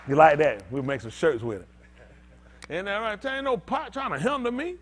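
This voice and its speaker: Pastor guy preaching loose and animated, high voice all over the place, aave. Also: fairly quick, some chatter behind, a little hiss or hum. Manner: animated, conversational, swings from loud to quiet. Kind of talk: informal preaching to a congregation.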